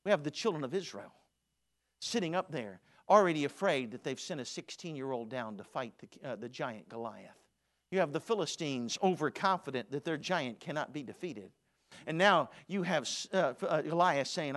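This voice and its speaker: A man preaching a sermon in a church auditorium, swinging from loud declarations to hushed asides. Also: medium pitch, lively intonation, moderate pace.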